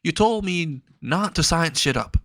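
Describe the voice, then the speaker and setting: A man's voice: a little high, animated, unhurried, fairly bright tone, dry recording, studio quality, voice pushed up. A man voicing a sheepish young scientist who speaks hesitantly and apologetically.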